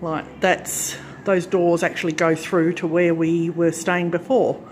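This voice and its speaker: A woman's voice: lowish voice, flat delivery, a little slow, darkish tone, a little hiss or hum. A woman vlogger giving a casual, rambling tour of her farm lodge unit on a handheld phone, correcting herself as she goes. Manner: chatty, rambling, self-correcting. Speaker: craft channel vlogger. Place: farm lodge unit, indoors and on the back porch.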